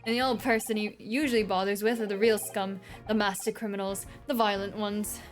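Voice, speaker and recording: A woman's voice: mid-range voice, fairly even intonation, brisk, soft background music, natural voice. Woman reading as scornful grumbling police inspector. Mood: gruff. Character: brusque middle-aged male police inspector.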